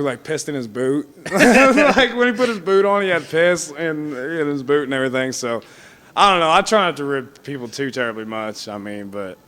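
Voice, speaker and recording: Young man, casual interview, rambling, filler-heavy, laughs a lot, mid-pitched voice. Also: fairly bright tone. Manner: rambling, heavy on fillers like "you know what I mean"; laughs often while telling stories. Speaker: wrestler being interviewed.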